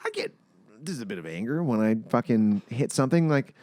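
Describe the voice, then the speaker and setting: A man's voice: mid-range voice, brisk, dry recording, clean studio sound. A man co-hosting a podcast in casual chat, telling stories with lots of swearing. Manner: swears freely, animated storytelling. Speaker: podcast co-host.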